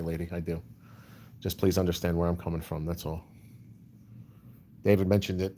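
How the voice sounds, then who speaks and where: A man's voice: deep voice, darkish tone, slight background noise. A man hosting a casual livestream, answering chat comments in a rambling way, full of "you know". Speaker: livestream host.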